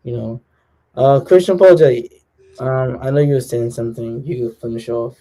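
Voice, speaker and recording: A man with a mellow, dark voice co-hosts a livestream. He reads out chat greetings and viewer questions in a relaxed way. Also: mid-range voice, moderate pace, poor audio.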